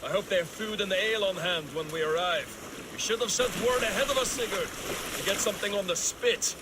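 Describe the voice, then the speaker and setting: An actor playing a hearty Viking warrior, boisterous and eager for ale and a fight. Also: male voice, sits high, fairly quick, lightly acted. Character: hearty male Viking warrior, hungry for food and battle. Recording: game audio with noise.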